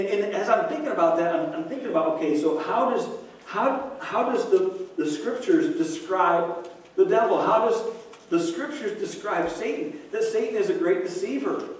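Male pastor, somewhat high voice, conversational sermon full of restarts, heard from a distance with a faint hiss. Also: darkish tone. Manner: conversational preaching with repeated restarts and asides. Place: church sanctuary. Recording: echoey room, mic from a distance.

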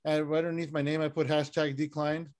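A man performing a stand-up set over a video call, deadpan one-liners with frequent "uh" fillers. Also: a little high, fast talker. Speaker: stand-up comic.

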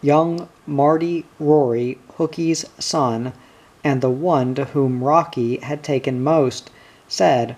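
A man narrating a short story in a measured, deliberate reading. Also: on the high side, darkish tone. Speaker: audiobook reader.

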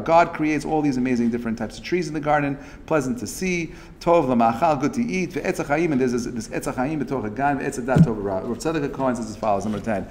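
A man teaches a relaxed class in a voice of middle pitch. He chats with many fillers and restarts and acts out little quotes. A faint hiss of noise sits under his voice. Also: quick pace, few pauses. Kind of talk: casual interactive class talk.

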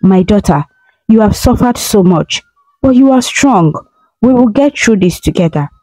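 A woman voicing a loving mother who speaks in a gentle, reassuring way. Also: mid-range voice, expressive, normal speed, soft background music, lightly acted, poor audio. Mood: comforting.

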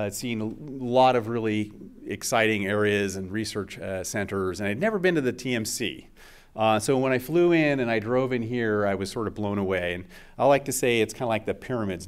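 A man's voice: on the low side, clear, resonant tone. A middle-aged man giving a scientific seminar talk as the invited speaker, conversational and full of uh and um fillers.

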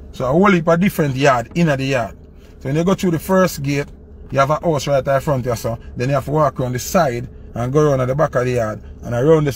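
A man with a Jamaican accent, a dancehall selector telling a personal story in an animated, rambling way. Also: a little high, vocal fry, a little hiss or hum. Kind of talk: casual storytelling to camera.

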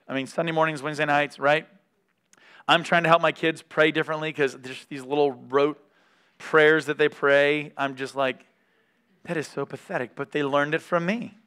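Smooth-voiced man teaching the Bible. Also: a little high, steady tone, normal speed, bright, forceful tone. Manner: candid, reads scripture aloud between remarks.

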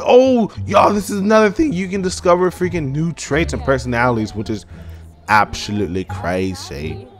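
A young man hosting a gaming channel, giving excitable, casual let's-play commentary and talking straight to his viewers. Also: mid-range voice. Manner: excitable, animated, talks to viewers as "y'all".

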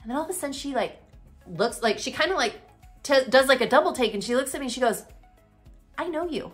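A woman's voice: high voice, lively intonation, fast talker, soft background music. A woman in her thirties, a real estate agent and coach, chatting to camera and telling a story in an upbeat, rambling way. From Utah. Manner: chatty, upbeat, fillers like "literally" and "you know".

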